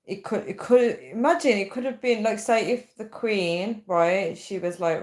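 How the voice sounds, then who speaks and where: A young woman hosting a casual live stream, reading viewer comments aloud and thinking out loud with many fillers. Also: medium pitch, moderate pace, hardly any pauses. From United Kingdom. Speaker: livestream host.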